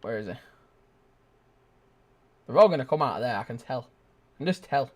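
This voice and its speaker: A young man giving live gameplay commentary, chatting casually and shouting sudden excited exclamations. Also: mid-range voice, moderate pace. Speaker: gaming video host.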